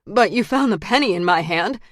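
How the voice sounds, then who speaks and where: A woman reading the lines of a frightened young woman held at gunpoint, pitched up and pleading. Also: expressive, a little fast, no echo, clean studio sound, lightly acted. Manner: high, pleading, frantic. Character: terrified young woman facing her captor.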